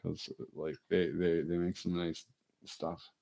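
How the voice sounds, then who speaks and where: A man's voice: deep voice, little pitch movement, slow pace, vocal fry, dark tone. A man rambling in casual chat, often repeating himself and swearing freely. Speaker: casual talker.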